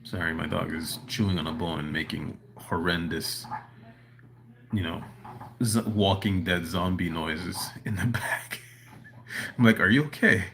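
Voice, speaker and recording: There's a little hiss or hum behind this deep, creaky, unhurried male voice, which stays fairly even and leaves long pauses. He's a livestream host at home with his dog nearby, reading chat and answering in a rambling, earnest way, saying "you know" a lot.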